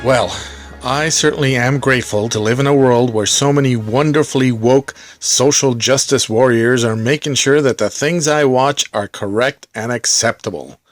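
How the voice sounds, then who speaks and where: A man's voice: mid-range voice, moderate pace, no echo. Male host, middle-aged, mock-earnest sarcastic commentary, dry close sound. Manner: heavy mock-sincere sarcasm. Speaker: movie collector vlogger. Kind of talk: satirical commentary.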